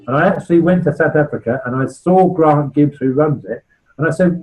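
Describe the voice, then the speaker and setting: A charity founder in his sixties from England's West Country gives an informal, chatty, anecdotal talk to a club in a West Country accent, often checking in with "right?". His voice is a little high and darkish, he talks a little fast, and the recording is low quality.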